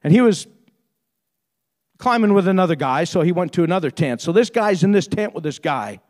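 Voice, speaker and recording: A man preaching a sermon. He retells a story with deep feeling, repeats and restarts his words when moved, and builds into fervent preaching. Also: lively intonation, fairly quick, a little mellow.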